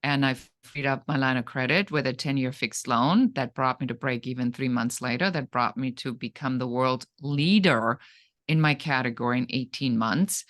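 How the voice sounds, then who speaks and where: A middle-aged businesswoman from Germany recounts her comeback as an interview guest. Her delivery is animated and dramatic, with pitch jumping up when she acts out what people said. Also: moderate pace. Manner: animated, dramatic storytelling with acted-out quotes. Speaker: guest, entrepreneur. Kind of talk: storytelling in an interview.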